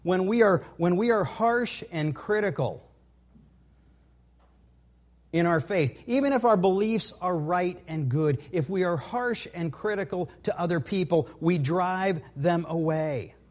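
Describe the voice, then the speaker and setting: Middle-aged male pastor, fairly high voice, folksy and earnest sermon delivery. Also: unhurried, darkish tone. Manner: earnest, conversational preaching with repeated words and personal stories.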